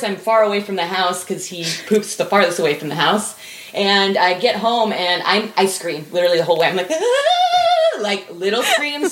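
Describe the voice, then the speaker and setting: Animated laughing woman telling a story. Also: fairly high pitch, echoey room, noisy background. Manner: animated, laughing, swearing, bursts into little screams. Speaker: co-host of a live stream. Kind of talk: casual storytelling chat.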